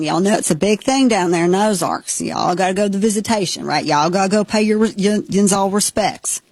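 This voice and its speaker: A woman in her forties from Missouri hosting a casual talk show, telling stories in an animated, chatty way. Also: lowish voice, slightly rough, dry recording. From Missouri, USA. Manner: animated storytelling with frequent laughs. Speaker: host. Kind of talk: casual chat.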